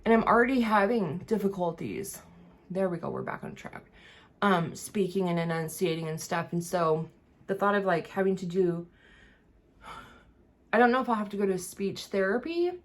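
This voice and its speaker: A woman's voice: medium pitch, animated, moderate pace. A woman vlogger chatting casually as she gets ready, rambling with lots of fillers and struggling a little to enunciate words. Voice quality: rambling, many fillers and restarts. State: having trouble enunciating. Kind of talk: casual chat while getting ready.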